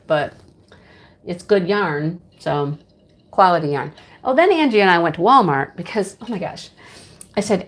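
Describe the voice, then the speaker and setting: Chatty woman with a lively voice. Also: mid-range voice. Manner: chatty, laughs often, greets chat by name. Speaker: livestream host. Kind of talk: casual livestream chat with viewers.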